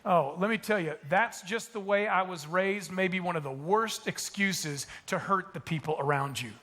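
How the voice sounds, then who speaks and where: High-voiced, bright-toned male pastor preaching. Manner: emphatic, repeats key points slowly. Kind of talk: sermon. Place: church auditorium stage.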